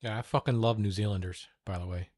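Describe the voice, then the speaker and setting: Low-voiced american guy streaming, swears a lot, kinda mumbly, dry close mic. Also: fairly even intonation, fast talker, darkish tone, no room sound. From United States. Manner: profane, offhand, mutters while reacting to videos. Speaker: streamer host. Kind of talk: casual livestream chat.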